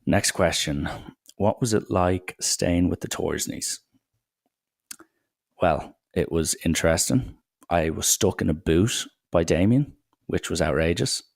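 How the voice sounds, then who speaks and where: Deep gravelly man rambling. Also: a little slow, no echo, clean studio sound. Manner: rambling, irreverent banter with swearing. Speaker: podcast host. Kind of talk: solo podcast monologue.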